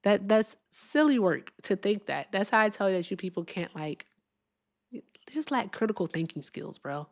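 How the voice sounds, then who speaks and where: A woman hosting a live political stream, talking in an animated, emphatic way, swearing and slowing down to stress her points. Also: medium pitch. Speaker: livestream political host.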